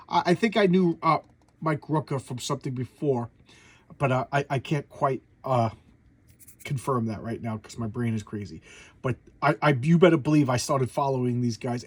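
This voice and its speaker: A man's voice: mid-range voice, breathy edge, dry recording. A man chatting casually while reviewing a comic book, rambling and often tripping over his words and names.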